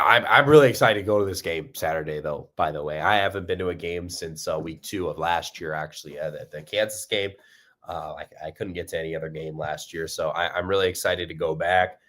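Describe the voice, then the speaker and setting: Casting: young male fan-show host, deep voice, loose rambling delivery with fillers. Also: fairly bright tone. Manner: rambling, upbeat, many fillers and restarts. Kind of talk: casual fan commentary.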